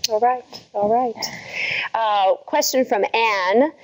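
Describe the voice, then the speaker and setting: A woman's voice: a little high, takes it slowly, a little hiss or hum, low-quality recording. A woman moderating a live interview, reading out viewer questions in an upbeat way.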